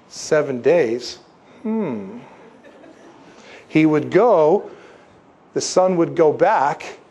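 A man preaching a sermon, emphatic and animated, posing rhetorical questions to his listeners and slipping into stories. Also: on the high side, slightly rough. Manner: animated storytelling with asides. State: congested, needing tissues. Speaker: pastor.

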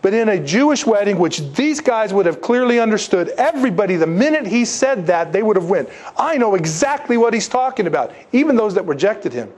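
A man preaching a sermon with a notably high voice. He presses his points with rhetorical questions and breaks off into animated asides. He sounds a little congested. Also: fairly quick, hardly any pauses. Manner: emphatic, rhetorical questions to the congregation. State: congested, needing tissues. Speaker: pastor.

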